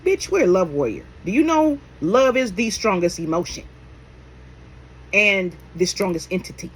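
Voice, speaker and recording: A spiritual minister and healer gives a casual, emphatic, blunt talk to camera, swearing freely, firing off rhetorical questions, and calling listeners endearments like "baby" and "my love." The voice is husky and medium-pitched with big pitch swings at a normal speed, and the audio is poor.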